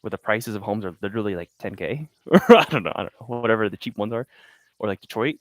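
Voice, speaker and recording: A chatty young man talks to his viewers in a casual, upbeat way, still a bit winded from exercise. His pitch jumps around a lot as he speaks. The sound is close and dry, with no room echo. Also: animated, quick pace. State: out of breath after push-ups. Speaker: real estate wholesaler streaming cold calls. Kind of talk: casual live-stream chat. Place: small cold room indoors.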